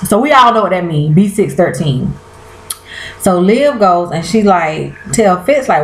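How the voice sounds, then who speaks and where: A woman recaps a TV episode for her viewers, chatty and colloquial, often trailing off and starting over. Her voice is low with lively intonation, a little slow, in a roomy, echoing space.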